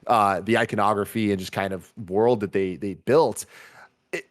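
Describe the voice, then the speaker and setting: A man's voice: fairly low pitch, steady tone, moderate pace. A man co-hosting a casual movie review podcast, rambling with many fillers and restarts. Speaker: podcast co-host.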